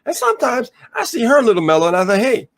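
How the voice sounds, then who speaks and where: A man co-hosting a live coaching stream, relaxed and joking, whose voice sometimes drops low. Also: very fast, vocal fry. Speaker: co-host of a live coaching show.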